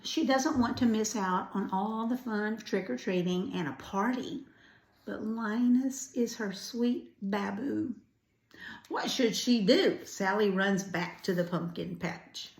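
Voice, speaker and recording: An older woman reading a children's storybook aloud, gentle and adding chatty asides. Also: medium pitch. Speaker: grandparent storyteller. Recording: roomy echo.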